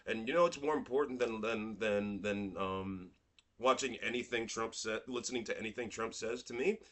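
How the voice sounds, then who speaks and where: A man's voice: on the low side, normal speed, a bit bright. A man co-hosting a podcast, making crude, profane jokes in casual political commentary. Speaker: podcast co-host.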